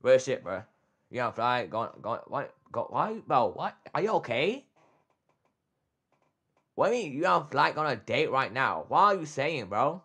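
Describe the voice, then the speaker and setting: A young man streaming a reaction, talking casually and excitably, trash-talking his chat and saying "bro" constantly. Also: medium pitch, normal speed, slightly rough. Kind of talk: casual livestream reaction talk.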